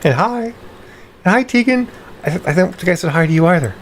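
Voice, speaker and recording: A woman's voice: on the low side, animated, brisk, slight background noise. Chatty woman practicing her voice. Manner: self-interrupting, reads chat aloud; practicing voice exercises. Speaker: livestream host. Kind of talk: casual live-stream chat.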